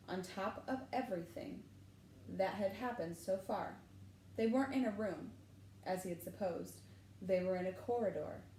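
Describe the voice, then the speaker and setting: A woman's voice: medium pitch, a little hiss or hum. Woman teacher reading a story aloud. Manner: animated, switching voices for characters. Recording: echoey room with faint ambience.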